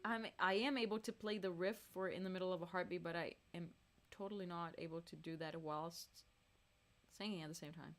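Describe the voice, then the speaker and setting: A woman's voice: on the low side, fairly even intonation, brisk, fairly bright tone, faint music behind. A woman singer chatting casually on a live stream, laughing and reading out viewers' messages between songs.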